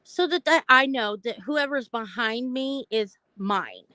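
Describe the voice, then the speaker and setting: A woman with a slightly high, expressive voice speaks at a measured pace, sounding pushed and bright in a dry recording. Hosting a mental health live stream, she openly and chattily shares her personal story, addressing viewers directly in casual conversation.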